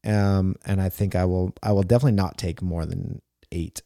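A man co-hosting a casual late-night podcast, talking bluntly with lots of swearing and ranting loudly at times. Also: low-pitched, fairly even intonation, a little fast, creaky, no echo, studio quality. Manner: blunt, profane, gets loud and ranting. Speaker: podcast co-host and jiu-jitsu coach.

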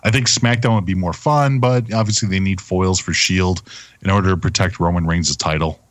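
A man co-hosting a casual podcast, hesitant and often trailing off mid-thought. His voice sits very low and comes across dry and close to the mic. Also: steady tone, normal speed, no room sound. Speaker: co-host.

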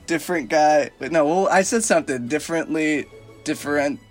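A man's voice: fairly high pitch, a little fast, faint music behind. A man co-hosting a casual podcast, ribbing his friend and arguing for fun. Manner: teasing, argumentative banter. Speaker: podcast co-host. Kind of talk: casual chat.

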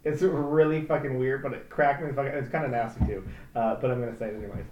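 A man's voice: mid-range voice, quick pace, dull audio, crowd noise. A man chatting casually at home, telling stories with frequent bursts of laughter. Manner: giggly, animated storyteller, frequent laughter. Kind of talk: casual chat. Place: home room. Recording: echoey room.

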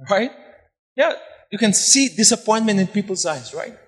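Impassioned preacher in echoing hall. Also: male voice, high voice. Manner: impassioned preaching, swinging from soft to loud, repeating phrases for emphasis. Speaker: pastor. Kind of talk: sermon. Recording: long hall reverb.

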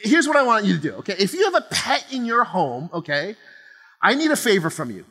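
A pastor from New Jersey, a man in his forties, preaching a lively sermon to a congregation in a casual, joking way and tagging "okay?" onto nearly every phrase. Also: high-pitched. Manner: chatty, keeps adding "okay?", quick laughs. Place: large church auditorium. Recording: long hall reverb of a church auditorium.

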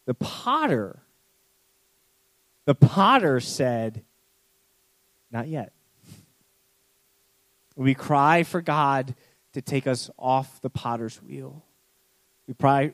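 A man preaching a sermon, telling a parable with swings between urgent speed and hushed, slow emphasis. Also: mid-range voice, no room sound. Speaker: pastor.

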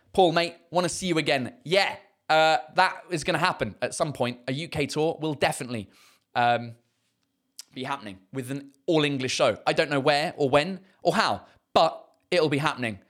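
Brief: man in his thirties, comedian host, casual rambling chat, a touch high-voiced. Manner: rambling, swears casually, frequent fillers. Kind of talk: casual live-stream chat reading comments.

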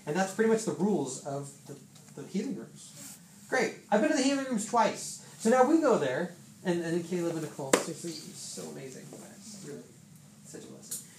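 A man in his thirties rattles through a testimony to a church group. He talks quickly and acts out what other people said along the way. He sounds distant from the mic, in a roomy space with a faint hum of ambience behind him. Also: high-pitched. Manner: animated storyteller, lots of fillers and acted-out quotes. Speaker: church member sharing a testimony. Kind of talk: casual spoken testimony to a group.

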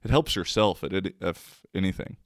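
A man's voice: sits low, normal speed, no echo, clean studio sound. A man talking casually to the camera, telling a rambling story, laughing often and swearing offhandedly.

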